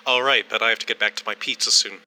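Very bright-voiced joking man at a game table. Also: on the low side, fairly even intonation, racing, rough recording. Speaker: player. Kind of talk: tabletop role-play.

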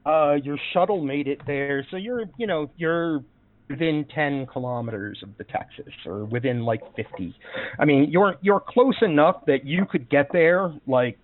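A man with a slightly high voice acts as game master for a tabletop game, talking at normal speed and meandering through lots of fillers and restarts. It sounds like tinny call audio, dry with no room sound.

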